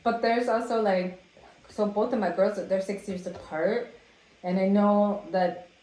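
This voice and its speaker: A woman's voice: mid-range voice, steady tone, measured pace, warm tone, slight background noise. A woman co-hosting a podcast in casual chat, blunt and emphatic, swearing to drive her points home. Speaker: podcast co-host. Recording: roomy echo.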